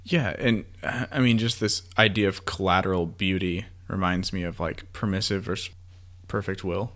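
A man's voice: low-pitched, fairly even intonation, moderate pace, a bit bright. A man co-hosting a podcast, casually explaining a faith idea with frequent "like" and "you know". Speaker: podcast co-host.

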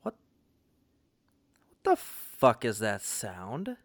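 A man telling a casual story in an animated way, full of swearing, fillers and restarts. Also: lowish voice, extremely slow. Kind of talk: casual anecdote.

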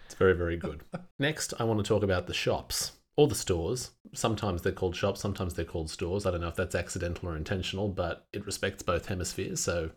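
A man with a notably low voice talks through casual podcast banter. He keeps a playful, mock-formal tone, teasing his co-hosts with exaggerated praise. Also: fast, breathy edge. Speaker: podcast co-host.

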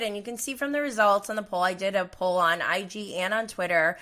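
Bright-voiced chatty woman host. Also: medium pitch, fairly quick. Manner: chatty, opinionated, mimics people she quotes. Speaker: recap show host. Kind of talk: casual live recap chat.

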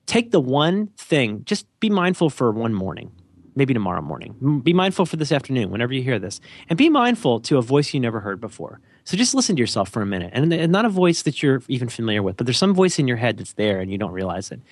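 Man, podcast co-host, lively pitch, dry recording, rambling, joking. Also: fast, dry recording. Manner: animated, jokey, rambling with self-interruptions. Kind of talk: casual rambling chat.

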